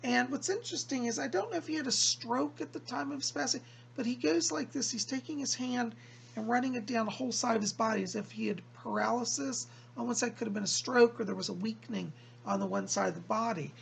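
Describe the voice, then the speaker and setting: A man working as a psychic medium, relaying messages from a spirit to a viewer and repeating "he said" as he passes the words along in slow, drawn-out phrases. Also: very high voice, creaky, fairly bright tone, slight background noise. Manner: keeps quoting the spirit with "he said".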